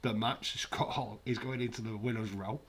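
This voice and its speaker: A man's voice: lowish voice, steady tone, normal speed, a bit bright, breathy edge. Man, casual watch-along host, sarcastic, rambling. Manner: sarcastic, rambling, jokey asides. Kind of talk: casual live wrestling commentary.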